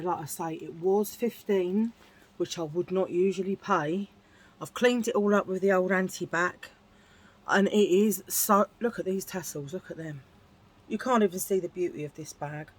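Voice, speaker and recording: A woman's voice: lowish voice, breathy edge. A woman chatting casually as a beauty vlogger, self-mocking and laughing at her own corny jokes. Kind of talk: casual get-ready-with-me chat.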